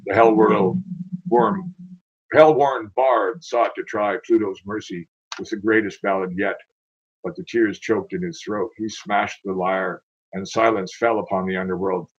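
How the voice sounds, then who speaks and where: A man's voice: lowish voice, fairly even intonation, unhurried, husky, muffled recording. A man reading his own poetry aloud in a dramatic, declaiming way, with casual asides between poems.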